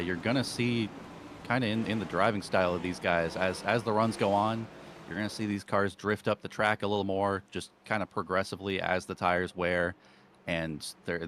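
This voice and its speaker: A man giving race analysis in a halting, explanatory way with many fillers. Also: sits low, fairly bright tone, slight background noise. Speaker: racing analyst.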